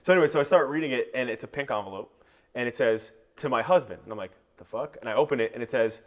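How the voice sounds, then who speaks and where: A young man hosting a casual podcast, an animated storyteller who acts out quotes and swears casually. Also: mid-range voice, very fast. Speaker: podcast host.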